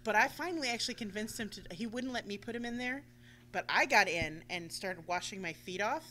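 A woman telling a long casual story on a radio talk show, animated and swearing freely, acting out the voices she quotes. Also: mid-range voice, a little fast, a little hiss or hum.

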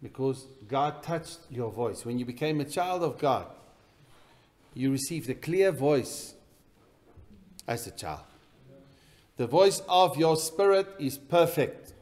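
A man preaching a sermon in a church, swinging between loud emphatic bursts and quiet, intense passages. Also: medium pitch, animated, slow, pauses often. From South Africa. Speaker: pastor.

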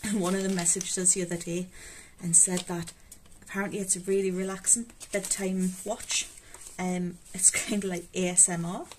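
Geordie woman, self-mocking and chatty, slightly low voice, audible background noise. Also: fairly even intonation, moderate pace, few pauses. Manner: chatty, self-mocking, talks to herself while counting. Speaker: budgeting vlogger. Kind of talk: casual chat while counting cash. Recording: clear background noise with rustling notes.

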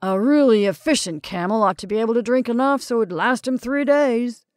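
Woman putting on a booming, hearty gentleman. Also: sing-song, moderate pace, no echo, studio quality. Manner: booming and exclamatory. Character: hearty, stern middle-aged gentleman of the house.

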